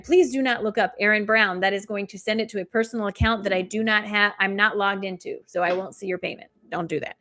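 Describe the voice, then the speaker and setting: A woman hosting a live stream, giving spiritual oracle card readings and chatting with viewers in a fast, soothing way. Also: medium pitch, a bit bright, slight background noise. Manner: talks fast. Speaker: intuitive reader and coach, live stream host.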